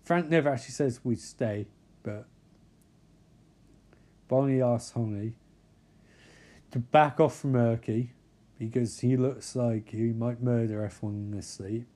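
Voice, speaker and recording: Mellow-voiced man, sarcastic recap. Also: medium pitch, unhurried, pauses often. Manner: deadpan, mocking, profane asides. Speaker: comedic recap narrator.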